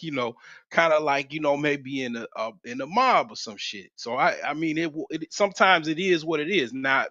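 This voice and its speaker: A man's voice: a little high, sharp tone, no echo. A man in his forties telling a rambling, slangy story on a livestream, full of restarts and profanity. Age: 40s. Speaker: livestream host. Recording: slightly dull, dry lo-fi mic.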